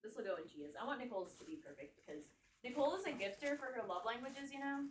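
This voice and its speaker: A woman's voice: a little high, lively intonation, fast talker, recorded from a distance, slight background noise. A young woman chatting casually with her live-stream viewers. She swears freely and laughs often. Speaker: livestreamer. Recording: echoey room, voice off-mic.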